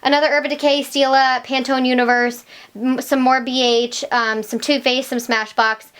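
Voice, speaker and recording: A young woman vlogger chatting casually to camera about her makeup collection, swinging between excited and tired asides. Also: high-pitched, moderate pace, clear, resonant tone. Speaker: beauty vlogger.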